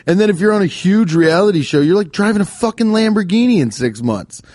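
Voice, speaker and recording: A man's voice: high-pitched, lively intonation, a little fast, darkish tone, dry recording, studio quality. A man co-hosting a podcast in casual chat, telling stories with profanity and jokey put-on voices. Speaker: podcast co-host.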